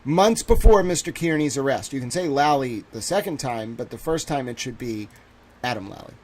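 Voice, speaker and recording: A man's voice: medium pitch, animated, moderate pace, darkish tone. A man in his thirties hosting a casual livestream, reading a legal document aloud and breaking off to joke and ramble. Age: 30s. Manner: rambling, joking, reads a document aloud and interjects. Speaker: livestream host.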